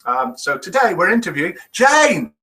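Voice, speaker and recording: On a low-quality recording, a middle-aged man from the UK chats casually on his daily live stream, reading out the comments and viewer guesses like a chuckling, playful quiz master. He has a high, sharp, very animated voice and a moderate pace.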